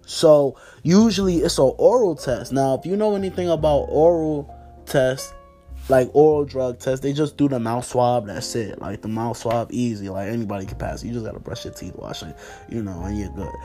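A man's voice: mid-range voice, moderate pace, warm tone, soft background music. A man in his twenties hosting a podcast, telling a story in a rambling, profane way, full of "like" and "you know". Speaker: podcast host. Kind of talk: casual storytelling monologue.

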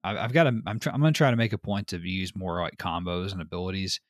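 A man hosting a podcast in casual chat, telling stories in an animated way, laughing often and swearing casually. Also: sits low, fast talker, no echo, studio quality. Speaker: podcast host.

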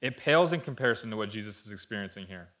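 A man's voice: fairly low pitch, animated, racing, fairly bright tone. A man preaching a sermon to a room, earnest and conversational, asking rhetorical questions as he explains. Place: room with an audience.

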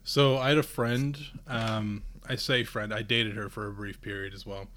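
A man's voice: on the low side, level tone, moderate pace, fairly bright tone. A young man co-hosting a podcast, telling a personal story in casual chat, often hesitating and restarting. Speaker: podcast co-host.

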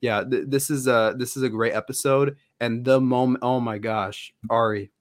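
A podcast co-host, male, keeps a steady tone in a mid-range voice at a moderate pace, recorded in studio quality with no echo. His casual fan chat rambles, thick with fillers and restarts.

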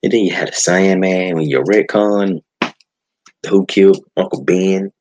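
A man's voice: low voice, unhurried, a little mellow, dull audio, a little hiss or hum. A man hosting a podcast, ranting in a casual, exasperated way with sighs and restarts. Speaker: podcast host. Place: home setup.

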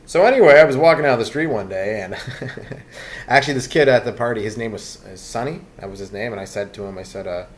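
A man's voice: mid-range voice, fast. A man from Canada hosting a solo comedy podcast, rambling loosely from one aside to the next with lots of fillers.

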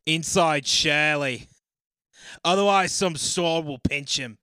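A man reading out answers in a loud, exaggerated put-on Australian accent, in a casual chat. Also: a little high, slow, clean tone, no echo, pitched above the performer's own voice. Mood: mock-earnest.

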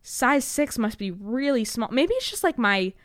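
A woman's voice: fairly high pitch, big pitch swings, measured pace, no echo, clean studio sound. A sixteen-year-old girl hosting her own podcast, chatting casually with lots of fillers, swearing and self-mocking jokes. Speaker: podcast host. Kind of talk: casual solo podcast chat.

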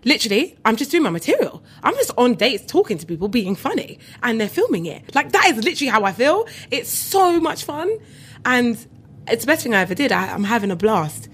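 A young woman with a London accent, a comedian chatting as an interview guest, animated and quick to laugh. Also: a little high, slight background noise. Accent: London English. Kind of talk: casual interview chat.

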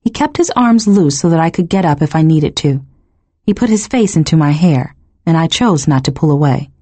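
A woman narrating a first-person novel in an expressive, emotionally engaged reading. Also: deep voice, normal speed, dry recording. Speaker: audiobook narrator.

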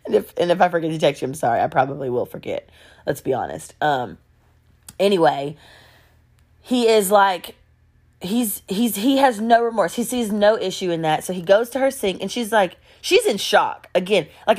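Woman storyteller, casual and joking, slightly low voice. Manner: animated, joking, exaggerated.

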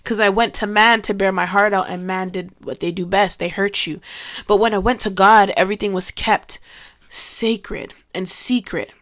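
A woman's voice: mid-range voice, fairly even intonation, moderate pace, a bit bright. Woman doing a laid-back bible study, talks real candid, laughs a lot, medium voice. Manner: candid and chatty, laughs often. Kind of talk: casual devotional teaching.

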